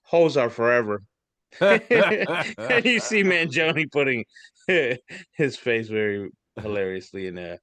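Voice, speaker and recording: A man's voice: a little high, slow pace, pushed and bright. A man co-hosting a casual podcast, reading memes aloud in a rambling, swearing, laughing way. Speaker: podcast co-host.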